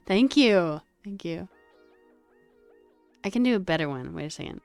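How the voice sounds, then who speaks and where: A woman streamer chatting casually with her viewers while coding, animated and chatty, with lots of fillers and some swearing. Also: lowish voice, measured pace, vocal fry, no echo, faint music behind. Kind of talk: casual livestream chat with viewers.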